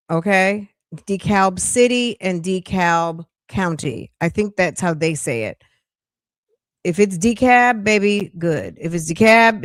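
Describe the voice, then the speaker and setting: Slow-talking sassy woman commentary host. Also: medium pitch, no room sound, studio quality. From New York. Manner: chatty, emphatic, sassy asides. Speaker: true-crime commentary host. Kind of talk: casual gossipy news chat.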